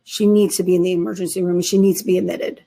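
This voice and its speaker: A woman psychiatrist who is a guest in an interview, explaining clinical cases in an emphatic, brisk, conversational way with casual idioms. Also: fairly low pitch, level tone, gravelly, mellow.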